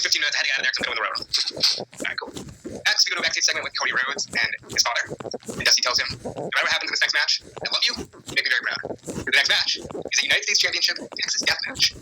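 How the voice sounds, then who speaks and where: A man hosting a casual chat, excitedly retelling a fantasy wrestling card. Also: medium pitch, background noise. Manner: fast, excitable play-by-play retelling with laughs. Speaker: podcast host presenting a fantasy wrestling card.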